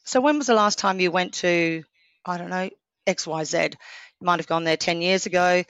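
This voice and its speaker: A woman in her forties from Australia talks as a podcast guest in a slightly low voice. She tells her stories with lively energy and acts out what people said. The sound is dry and close. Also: moderate pace, no room sound, dull audio. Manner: lively storyteller, acts out quotes. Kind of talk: casual interview chat.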